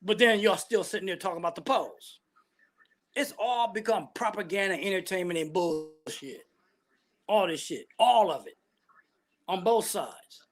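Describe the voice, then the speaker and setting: A man's voice: sits high, moderate pace. A man ranting bluntly and profanely about politics, full of heavy slang. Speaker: vlogger giving opinions.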